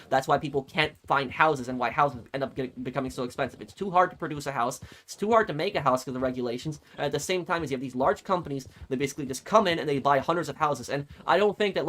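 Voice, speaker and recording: A man's voice: medium pitch, a bit bright. A man streamer telling a long story in casual chat, rambling and repeating words as he goes. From United States.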